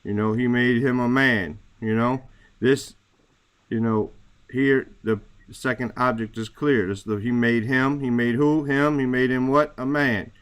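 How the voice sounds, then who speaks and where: A man's voice: mid-range voice, steady tone, a little slow, clean tone. Male teacher explaining grammar patiently. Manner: searching for words, many fillers; repeats "right?" to check understanding. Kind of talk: classroom explanation.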